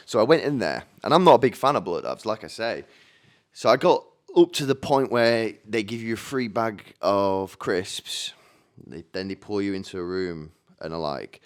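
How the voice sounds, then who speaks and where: Rambling man with a smooth, low voice. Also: animated, moderate pace. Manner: chatty and rambling, with frequent restarts and casual swearing. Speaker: podcast host. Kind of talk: rambling solo podcast monologue. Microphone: studio microphone.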